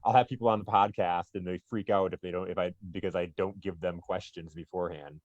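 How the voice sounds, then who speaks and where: Male co-host, lowish voice, effusive; dry, slightly dull recording. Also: fairly even intonation, fast, a little mellow, dry recording. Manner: effusive, laughs often. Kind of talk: casual interview chat.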